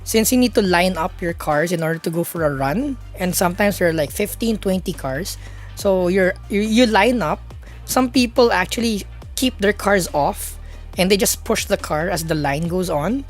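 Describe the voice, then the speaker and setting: Chatty woman streamer, low voice. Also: expressive, moderate pace, faint music behind. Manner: rambling, chatty, many fillers and restarts. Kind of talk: casual live-stream chat.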